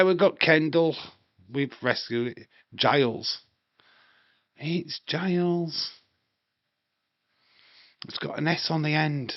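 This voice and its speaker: Man, casual live-stream chatter, rambling, swears freely, unhurried, dry close mic. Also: medium pitch, no echo. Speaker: wrestling watch-along streamer. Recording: dry, slightly dull home mic.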